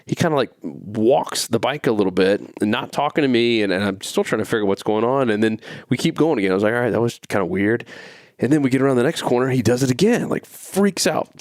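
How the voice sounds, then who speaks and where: A man's voice: mid-range voice, dry recording. A man hosting a casual faith podcast, telling a story in a rambling way with many restarts. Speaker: podcast host.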